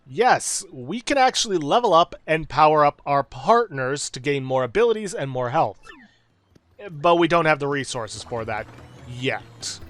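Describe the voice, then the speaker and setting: A man's voice: fairly high pitch, lively intonation, measured pace, fairly bright tone. A man casually commenting on his gameplay, with a self-deprecating, hedging manner. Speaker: let's play host.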